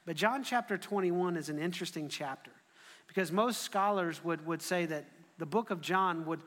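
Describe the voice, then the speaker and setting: A man preaching a sermon, telling the story in an animated way and often restarting his phrases. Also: on the high side. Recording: echoey hall.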